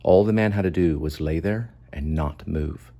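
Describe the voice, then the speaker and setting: A man's voice: sits low, moderate pace, gravelly, mellow. A man hosting his own show, giving emphatic, moralizing commentary on a video and repeating his points. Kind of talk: impassioned commentary.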